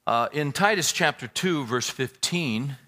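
A man's voice: mid-range voice, lively intonation, a little slow, bright, forceful tone. A man preaching a sermon, praying and telling a folksy joke in an earnest way. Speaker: pastor.

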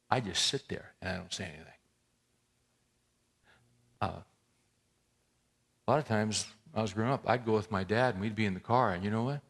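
A middle-aged male pastor preaching a sermon in a conversational way, moving between loud emphatic points and quiet, intimate passages. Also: lowish voice.

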